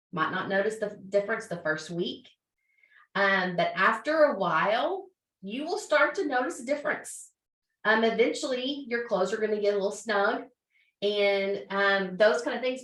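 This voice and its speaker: A woman's voice: medium pitch, fairly bright tone, echoey room, distant mic, rough recording. A woman hosting a business call, giving an earnest, emotional motivational talk with many fillers and restarts.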